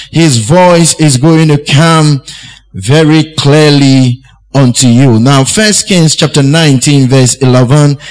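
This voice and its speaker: A man preaches a sermon slowly and deliberately, repeating key phrases for emphasis. His voice is on the high side, and the recording is rough.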